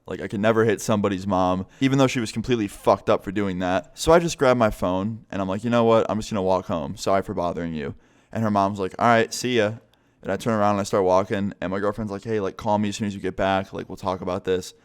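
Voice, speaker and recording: A man's voice: lowish voice, fast, clear, resonant tone. A young man casually telling a story to his vlog audience, swearing freely and acting out what others said. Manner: casual, profane, animated retelling. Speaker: vlogger.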